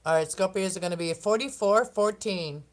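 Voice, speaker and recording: A woman gives a casual oracle card reading for the zodiac signs, chatty and rambling, frequently laughing and stumbling over her words. She has a mid-range voice and speaks at a moderate pace.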